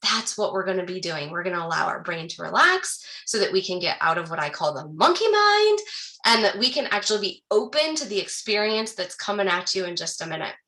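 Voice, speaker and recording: Upbeat woman coach with a bright, forward tone, rallying her workshop audience, then easing into soft breathing guidance. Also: mid-range voice. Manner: upbeat and encouraging, addresses the audience directly; slows into soft calm guidance during breathing exercise. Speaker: wellness coach leading a workshop. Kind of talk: live online workshop talk with guided breathing.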